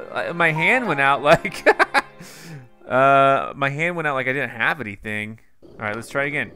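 A man giving casual let's-play commentary over a video game. He is excitable, laughs often and yelps out exclamations. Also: mid-range voice, a little slow, faint music behind. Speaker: gameplay channel host.

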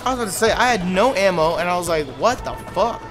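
A man gives casual let's play commentary, excitable and full of curses and slang. His voice sits fairly high. Loud game music plays beneath his talk. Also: fast talker. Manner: swearing, calls everyone "dog", excitable. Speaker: gaming host.

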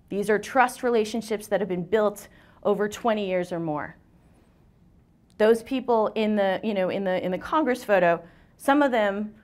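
A woman in her forties giving a lively, joking seminar talk in a lecture room. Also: mid-range voice. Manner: lively, joking, self-deprecating. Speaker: seminar speaker. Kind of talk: conference talk.

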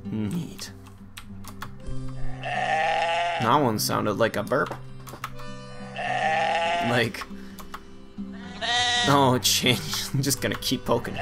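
A man's voice: medium pitch, creaky. A man giving joking, playful commentary while playing a video game. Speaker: gamer. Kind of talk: let's play commentary. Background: game music.

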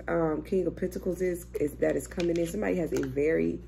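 Young woman, tarot reader, gravelly low voice, loose profane chat, faint hiss behind. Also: steady tone, fast talker, few pauses, dark tone. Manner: chatty, profane, thinking aloud. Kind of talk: casual tarot reading.

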